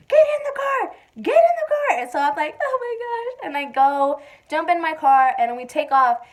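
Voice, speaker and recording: A young woman vlogger casually telling a personal story to the camera, chatty and full of fillers, acting out quotes loudly. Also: high-pitched.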